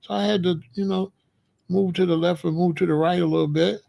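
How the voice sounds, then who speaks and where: Gravelly-voiced man ranting. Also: sits high, fairly even intonation, a little fast, mellow. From Chicago. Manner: blunt, streetwise, repeats phrases. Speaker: commentary host. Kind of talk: casual commentary monologue.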